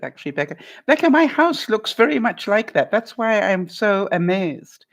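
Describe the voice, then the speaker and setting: Very animated, with few pauses at a moderate pace, an older woman vlogger chats from her home on a live stream. Her voice is mid-range, and she laughs often while calling chatters by name as she answers them.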